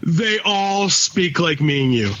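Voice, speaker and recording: A man's voice: a little high, expressive, takes it slowly, fairly bright tone. A man co-hosting a casual podcast, talking in a blunt, profane rant. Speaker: podcast co-host. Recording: dull lo-fi recording.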